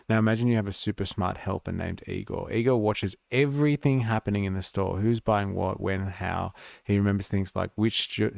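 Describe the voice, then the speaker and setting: A man with an Australian accent and a very low, gravelly voice hosts a livestream. He reads and riffs in loose, rambling commentary full of filler words, and his voice sits close and dry with no room around it. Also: darkish tone, no echo. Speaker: livestream host. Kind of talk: casual commentary while reading and reacting to a video.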